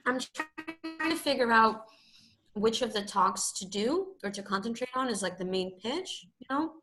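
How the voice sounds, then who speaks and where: Sex: woman. Role: student in an online class. Tone: bright, fairly high. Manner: hesitant, halting. Mic: video call. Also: lively intonation, soft background music. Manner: hesitant, with many pauses and fillers.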